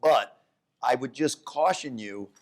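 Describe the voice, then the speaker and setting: A man, an economics professor, talking economics onstage at a live event, animated, often restarting his sentences. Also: takes it slowly. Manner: animated storyteller, jumps to high voices for quotes; restarts and self-corrections. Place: downtown event hall with live audience.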